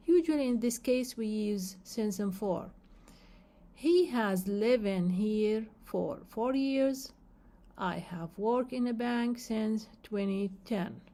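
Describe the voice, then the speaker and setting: Slow, mellow-voiced woman teaching grammar. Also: medium pitch. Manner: repeats key phrases, spells out endings letter by letter. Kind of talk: slow explanation of grammar rules.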